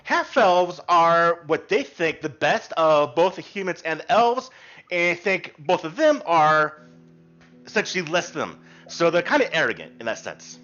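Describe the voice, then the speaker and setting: A man's voice: a little high, sing-song, moderate pace, fairly bright tone. A man running a tabletop game as game master, explaining rules in a rambling, reassuring way. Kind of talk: casual rules explanation and narration. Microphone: online voice call. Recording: muffled voice chat with faint music.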